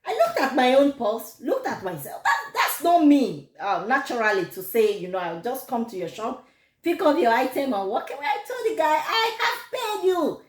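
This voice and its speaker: A woman with a Nigerian accent telling a personal story to camera, animated and quick to laugh. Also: sits high. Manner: animated, laughs often, gives advice. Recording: echoey room.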